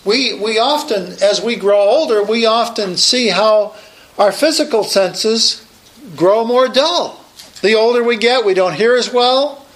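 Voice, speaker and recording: A man's voice: high voice, measured pace, a bit bright, echoey room, poor audio. A man preaching a sermon, emphatic and raising his voice to proclaim his points.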